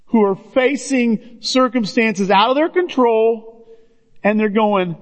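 A man with a high voice delivers an earnest sermon, calling his listeners "guys" as he talks to them directly. His words carry a long reverb from a church hall, heard through a muffled, lo-fi recording. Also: slow pace. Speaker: pastor. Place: church sanctuary. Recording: dull, reverberant hall sound.

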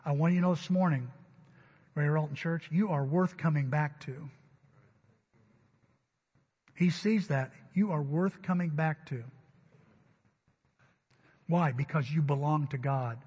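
A male pastor preaching to his church, his fairly high voice turning emphatic and loud on key words. His tone is husky, and it is captured on a dull recording. A long reverb trails after each line in the sanctuary. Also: a little slow, long pauses. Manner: emphatic, rising to loud stresses. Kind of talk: sermon.

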